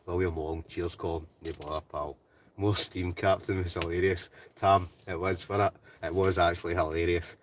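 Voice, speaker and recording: A man's voice: low-pitched, flat delivery, normal speed, distant mic, a little hiss or hum. A Scottish man hosting a live stream from inside a hot tent, chatting casually and reading out viewer comments, often ending lines with "right?". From Scotland. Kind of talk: casual live-chat banter.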